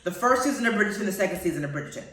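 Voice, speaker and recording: A woman hosts a casual radio chat about TV, playful and quick to laugh. Her pitch swings widely as she talks. She sounds a little far off, in a strongly echoing room. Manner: animated, playful, laughing often. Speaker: radio show host. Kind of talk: casual chat reviewing TV shows. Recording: very echoey, far from the mic.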